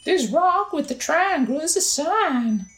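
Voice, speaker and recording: A woman putting on a high, slow, fluttery voice for a timid, grateful nursemaid in a video game. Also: lively intonation, roomy sound, soft background music, low-quality recording. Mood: eager.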